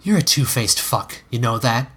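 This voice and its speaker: A woman's voice: rumbling low, expressive, moderate pace, fairly bright tone, husky, exaggerated voice. A man voicing a scornful young woman who coaxes and then hisses insults, in an audiobook reading. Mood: seething. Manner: coaxing, then hissing and spitting insults.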